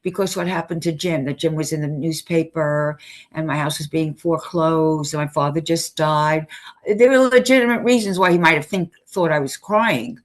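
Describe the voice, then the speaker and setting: A woman's voice: deep voice, normal speed. An older woman, an interview guest, telling stories animatedly and acting out the dialogue with frequent restarts. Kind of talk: storytelling in conversation.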